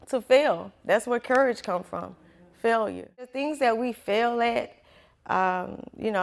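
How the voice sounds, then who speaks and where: A woman who owns a small business, giving a casual motivational talk to a class and acting out quoted voices as she goes. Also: mid-range voice. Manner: animated, acts out quoted voices, laughs often.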